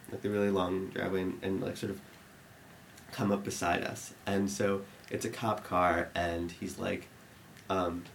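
A man's voice: sits low, vocal fry, slight background noise. Young man rambling through a story. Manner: rambling, filler-heavy, gets animated and laughing as the story builds. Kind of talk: storytelling to an audience.

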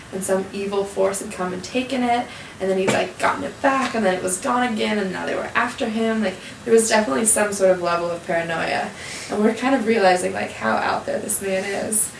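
A young adult woman telling a story in a casual, animated way, full of "like" fillers, acting out the people she quotes. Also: medium pitch, gravelly, a little hiss or hum. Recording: echoey room, mic at a distance.

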